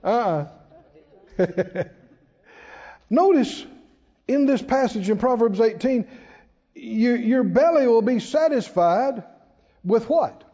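A man's voice: very high voice, animated, takes it slowly, long pauses, warm tone, slightly rough, in a large hall, lo-fi sound. A man preaching a sermon, asking the congregation questions and repeating key phrases for emphasis. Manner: preacherly call-and-response, emphatic repetition. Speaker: pastor.

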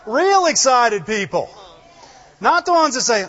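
A man preaching a sermon, animated and full of rhetorical questions, breaking into "Glory to God" again and again. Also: very high voice, a little slow. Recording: dull lo-fi sound in a reverberant hall.

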